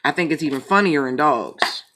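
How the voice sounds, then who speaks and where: A man with a slightly high voice chats loosely before pulling tarot cards. He jokes, swears freely and drifts between tangents in a relaxed, rambling way. A faint hiss of noise sits under the recording. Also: moderate pace. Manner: joking, profane, rambling. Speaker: tarot reader. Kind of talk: casual chat and tarot reading.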